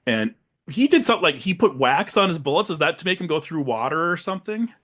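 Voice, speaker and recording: A young man co-hosting a casual movie podcast, retelling scenes with animated quick silly voices. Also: fairly high pitch. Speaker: podcast co-host.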